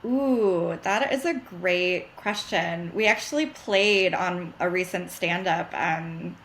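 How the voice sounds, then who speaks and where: Gravelly-voiced upbeat woman guest. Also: on the low side, slow, fairly bright tone, a little hiss or hum, rough recording. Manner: upbeat and self-deprecating. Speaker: copywriter guest. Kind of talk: casual podcast interview.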